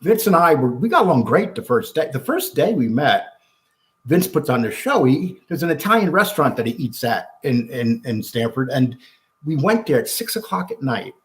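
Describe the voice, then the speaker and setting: Blunt, animated man telling a story. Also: on the high side. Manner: animated storyteller acting out quotes, frequent restarts; blunt, swears freely. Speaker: guest. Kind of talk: storytelling interview.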